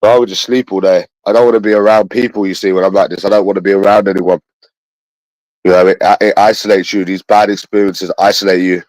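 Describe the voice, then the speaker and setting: A man with a London accent delivers a long, bitter livestream monologue to his chat. His voice sits low and sounds close and dry. He circles back over the same words and swears freely. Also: fairly even intonation, quick pace, darkish tone, no room sound, rough recording. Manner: bitter, repetitive, swears often.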